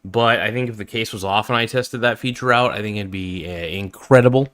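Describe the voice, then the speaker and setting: A man's voice: on the low side, steady tone, brisk, sharp tone. Rambling man doing a casual tech review. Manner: rambling, lots of fillers and restarts; enthusiastic fan, easily impressed. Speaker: tech reviewer hosting a live stream. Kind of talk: casual live-stream product review.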